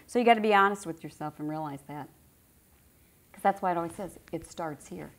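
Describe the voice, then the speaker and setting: A woman's voice: lowish voice, fairly quick. A middle-aged woman giving an informal spiritual teaching to a group, conversational and repeating phrases for emphasis.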